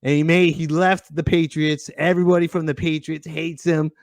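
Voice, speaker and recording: A man's voice: fairly high pitch, little pitch movement, moderate pace, gravelly, dry recording. Chatty, laughing man hosting a podcast. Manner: chatty, joking, laughs often. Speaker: podcast host. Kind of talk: casual live-stream podcast chat.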